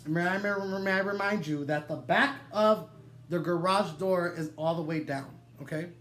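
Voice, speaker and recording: A young man telling a wild personal story to the camera, animated and dramatic, swearing freely and laughing through his digressions. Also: high voice, measured pace. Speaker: vlogger. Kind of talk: storytime vlog, casual and profane.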